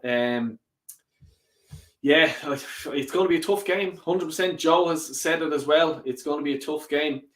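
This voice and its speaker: A man hosting a football fan live stream, reading viewer comments in a lively, sweary way. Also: a little high, roomy sound. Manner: animated and sweary, rants and laughs often. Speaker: football fan channel host.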